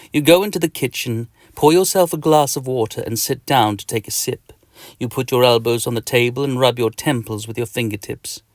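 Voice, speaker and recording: A man narrating a children's audiobook in the second person, telling the story in a lively way. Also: mid-range voice, dry recording, clean studio sound. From Australia. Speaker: author and narrator.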